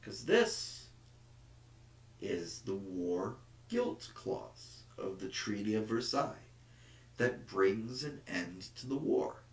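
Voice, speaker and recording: Animated man lecturing in an echoey room. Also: on the low side, slow pace. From United States. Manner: emphatic, slips into the voice of a rousing nationalist orator. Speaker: history teacher. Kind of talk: classroom lecture. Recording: echoey room, mic at a distance.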